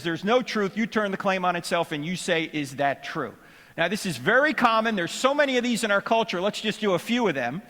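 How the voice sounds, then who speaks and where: A man's voice: high voice, pushed and bright, big-room sound. A middle-aged man giving a humorous seminary lecture, joking and quizzing his audience. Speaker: apologetics speaker. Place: lecture hall.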